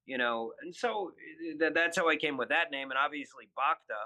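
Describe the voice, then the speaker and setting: Bright-voiced man in his fifties telling stories. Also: fairly high pitch, fairly quick, few pauses, rough recording. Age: 50s. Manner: rambling, many fillers and restarts. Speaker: guest, spirits entrepreneur. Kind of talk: casual podcast storytelling.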